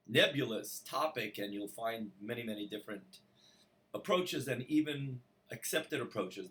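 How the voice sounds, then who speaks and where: A man with a bass voice who teaches singing, explaining slowly and breaking into sung vocal exercises. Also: a bit bright. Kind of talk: singing lesson. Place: room.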